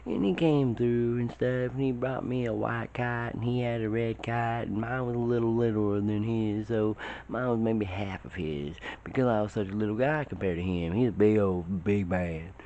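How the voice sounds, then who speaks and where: A man telling a rambling, profane tall tale in a casual way, his voice shooting up high when the story gets excited. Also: moderate pace, slight background noise. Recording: dull lo-fi recording.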